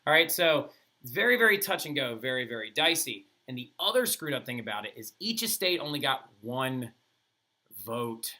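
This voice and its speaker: A male teacher lectures in a lively, casual way, tossing in playful asides and quick acted bits. His voice sits mid-range in pitch with a very bright, cutting edge. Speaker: history teacher. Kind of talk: animated classroom lecture.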